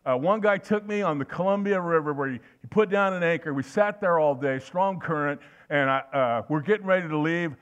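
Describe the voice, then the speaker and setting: A man's voice: fairly high pitch, a little fast, few pauses, clear, resonant tone, dull audio. An older man preaching a sermon in a folksy, anecdotal way, telling stories with frequent restarts.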